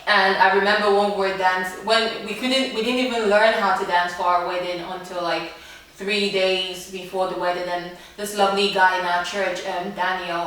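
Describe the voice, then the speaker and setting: Young woman from Nigeria, casual vlogger, chatty and giggly, roomy distant sound. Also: mid-range voice. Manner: chatty, laughs easily, trails off softly. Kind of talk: casual chat to camera. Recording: echoey room, far from mic.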